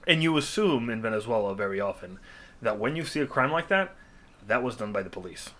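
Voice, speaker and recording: A man's voice: mid-range voice, fairly quick. A man hosting a podcast, telling stories at ease and asking curious questions. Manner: relaxed storyteller, curious questions. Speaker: podcast host. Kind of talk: casual podcast chat.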